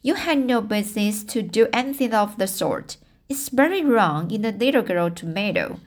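A woman's voice: mid-range voice, lively intonation, moderate pace, close to an everyday voice. A woman reading the part of a strict, stern older woman guardian in an audiobook, speaking sharply.

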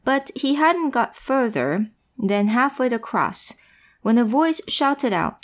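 A woman's voice: fairly high pitch, expressive, slow. A woman reading a storybook to a child, playful and full of questions. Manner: playful, asks questions, switches languages. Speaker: bilingual storyteller.

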